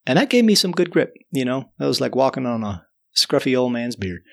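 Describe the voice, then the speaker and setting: A man telling a story in a chatty, animated way, chuckling now and then. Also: medium pitch, brisk, vocal fry. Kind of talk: spoken storytelling.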